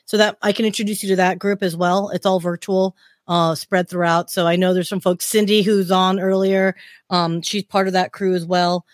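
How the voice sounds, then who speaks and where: A woman from Southern California hosting a podcast in an upbeat, chatty way, giving shout-outs. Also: lowish voice, little pitch movement, normal speed, no room sound, studio quality. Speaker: podcast host. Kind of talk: casual podcast chat.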